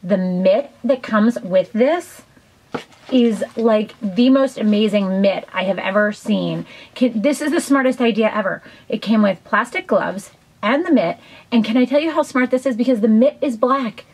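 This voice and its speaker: A woman's voice: a little high, normal speed, a little mellow, breathy edge, low-quality recording. A woman chatting casually in a beauty haul video, enthusiastic and rambling with lots of ums and side comments. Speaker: beauty vlogger.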